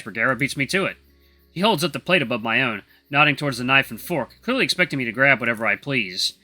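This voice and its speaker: A young man reads a first-person story aloud, wry and irreverent in his asides. His voice is very bright and forward, with faint music underneath. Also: medium pitch. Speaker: narrator.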